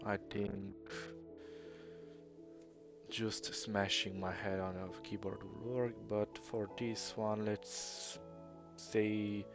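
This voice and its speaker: Slow, hesitant Eastern European man. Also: on the low side, little pitch movement, over music. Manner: hesitant, rambling, self-deprecating. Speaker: let's player. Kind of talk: casual gameplay commentary.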